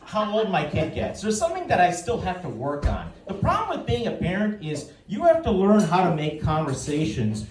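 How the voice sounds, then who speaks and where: Telling family stories in a dry stand-up style, this comedian in his forties acts out the quotes of the people involved. His voice is high-pitched with huge swings in pitch, at normal speed with few pauses, and faint music plays behind; the live-audience recording is distant and roomy, full of laughter.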